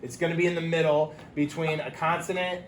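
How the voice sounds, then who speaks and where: A male teacher giving a phonics lesson to young children, sounding out letters slowly and clearly and offering encouragement. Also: fairly high pitch, little pitch movement, roomy sound, slight background noise. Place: classroom.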